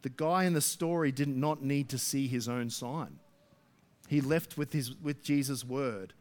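A man preaching a sermon to his church, emphatic, swinging between loud rising stresses and soft low asides. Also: a little slow. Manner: emphatic, rising to near shouts then dropping soft. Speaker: pastor.

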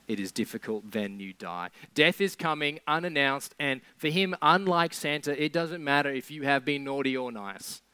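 A man's voice: medium pitch, a bit bright, dry recording. A man preaching a sermon in a conversational way, with sarcastic asides.

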